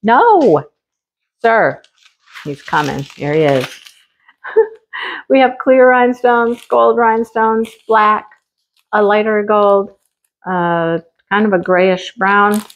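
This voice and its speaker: A chatty middle-aged woman talks through a craft unboxing in a casual, lively way. Her voice sits in a middle pitch and keeps jumping up whenever she is delighted. She also breaks off to talk to her pet. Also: lo-fi sound. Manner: lively and enthusiastic, quick laughs. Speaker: craft vlogger.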